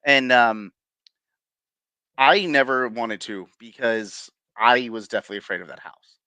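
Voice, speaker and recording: A man on an interview show tells his stories in a loose, rambling way, full of ums and restarts, and chuckles along as he goes. His voice is bright and forceful, and the recording is dry and close. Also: mid-range voice, a little slow, smooth, no echo. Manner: rambling, many fillers and restarts, chuckles while telling. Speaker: guest paranormal investigator. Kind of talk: casual storytelling interview.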